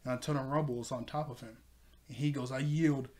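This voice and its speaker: A young man casually recapping a cartoon episode, excitable and repetitive, often laughing between lines. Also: mid-range voice, quick pace. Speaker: TV episode reviewer. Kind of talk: casual video review, retelling scenes.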